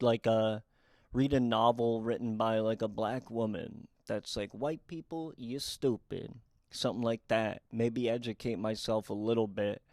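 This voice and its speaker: A young man telling comic true stories in a quick, deadpan and wry way. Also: mid-range voice, no echo, clean studio sound. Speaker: comedic storyteller. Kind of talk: storytime comedy monologue.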